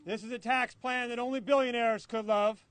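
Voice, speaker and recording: A man's voice: extremely high pitch, fairly even intonation, normal speed, a bit bright. A man giving a fiery rally speech outdoors, leading call-and-response chants. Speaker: advocacy group speaker.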